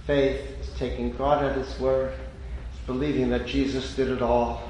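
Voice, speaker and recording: Male preacher, high register, deliberate emphatic sermon delivery, very echoey hall, faint hiss. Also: level tone, darkish tone. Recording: echoey hall with long reverb.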